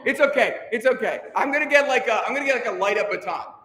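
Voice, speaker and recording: His very high voice is animated, fast, bright, and forceful: a choir director coaching singers in a large rehearsal room. He teases them in an upbeat way and counts them in, and the echoey hall gives everything a long reverb.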